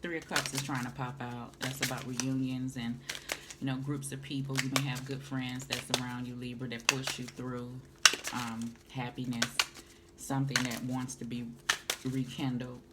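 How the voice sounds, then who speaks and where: A woman's voice: extremely low pitch, flat delivery, moderate pace. A woman, doing a casual tarot reading and calling the listener honey and baby. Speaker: tarot reader. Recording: noisy home recording.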